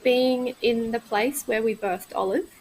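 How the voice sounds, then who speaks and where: A woman in her thirties talking candidly in a casual podcast conversation, reflective and halting, often restarting her sentences. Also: fairly high pitch, steady tone, a little mellow, a little hiss or hum, low-quality recording. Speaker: guest, midwife.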